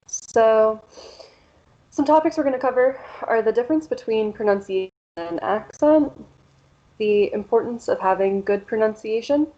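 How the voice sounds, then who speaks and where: A woman from Central Pennsylvania with a local American accent, giving a pronunciation workshop in a measured, explanatory way with frequent "um" and "so". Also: a little high, dark tone, dull audio. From Central Pennsylvania, USA. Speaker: workshop presenter.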